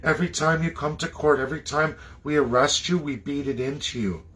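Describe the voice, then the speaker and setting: A man from Canada delivering an impassioned, preachy monologue, swinging between loud outbursts and low muttering. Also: brisk. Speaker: political commentator.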